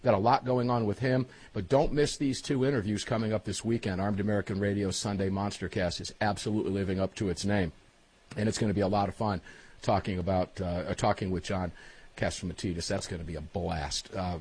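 A man's voice: on the low side, steady tone, fairly quick, darkish tone, slightly rough. A middle-aged man hosting a talk radio show in a brash, conversational way.

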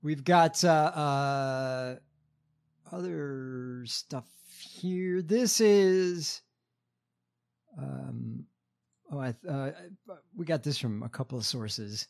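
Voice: medium pitch, drawn-out words, creaky, a little mellow. Hesitant podcast host reading headlines. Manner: hesitant, filler-heavy reading.

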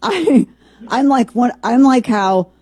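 A woman's voice: lowish voice, normal speed, mellow, slightly rough, no echo. A woman hosting a podcast in a rambling, casual commentary with sarcastic asides. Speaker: podcast host.

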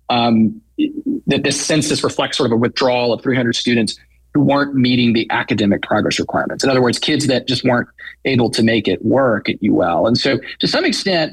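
Husky-voiced man talking local news. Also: medium pitch, dry recording, poor audio. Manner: conversational, many fillers like "you know". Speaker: founder of a local news outlet. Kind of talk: radio news interview.

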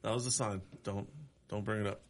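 A man co-hosting a sports radio show, giving blunt, quick opinions. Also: fairly low pitch, fairly even intonation. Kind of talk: casual sports talk.

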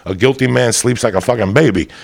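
A man's voice: medium pitch, fast. A man doing stand-up, telling a story in a rowdy, boisterous, profane way. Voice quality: gravelly. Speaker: stand-up comedian.

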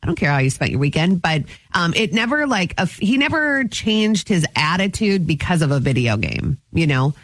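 A woman's voice: on the low side, big pitch swings, normal speed, few pauses, no echo. Easygoing female radio co-host, dry sound. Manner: easygoing, conversational. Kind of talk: casual radio chat.

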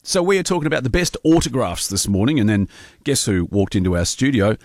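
A man's voice: medium pitch, expressive, quick pace, a little mellow, no room sound. A man hosting a radio show in a studio, chatting in an upbeat way. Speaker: radio host. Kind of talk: breakfast radio chat. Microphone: studio mic.

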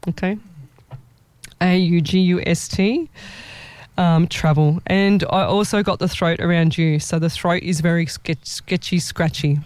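A woman's voice: on the low side, fairly even intonation, measured pace, darkish tone, no room sound. A woman working as a psychic medium, giving a live reading on a show in a rambling, self-correcting way and laughing often.

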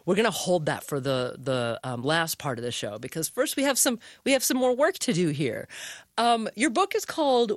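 Low-voiced woman hosting an interview. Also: big pitch swings, moderate pace, dry recording, studio quality. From Oregon, US West. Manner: conversational, thoughtful, enthusiastic. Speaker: radio host.

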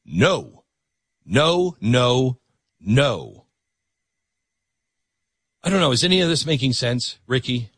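A man's voice: mid-range voice, sing-song, takes it slowly, long pauses, fairly bright tone, husky, no room sound. A middle-aged man hosting a talk show, delivering an opinionated political monologue and repeating words for emphasis.

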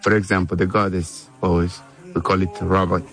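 A man's voice: low voice, little pitch movement, moderate pace, very noisy. A man working as a community yoga teacher, talking earnestly in short, simple phrases in a documentary interview.

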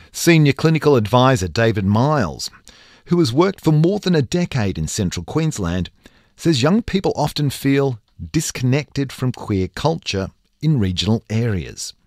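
A man reads news stories aloud at a middle pitch, his intonation rising and falling freely. He gives the quoted lines some expression of their own. The sound is dry and close, with no room around him. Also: no echo. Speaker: news reader.

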